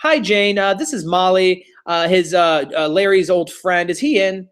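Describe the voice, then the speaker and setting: Halting, stammering woman friend, played by a man, voice pitched up. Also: fairly bright tone, clean tone. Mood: hesitant. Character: hesitant woman, old high school friend.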